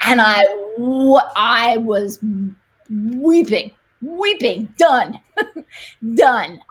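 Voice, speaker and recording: A woman, a missionary nurse and guest, telling faith stories in conversation, animated and fervent, laughing often. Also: a little high, extremely slow, husky. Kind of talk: emotional faith storytelling in conversation.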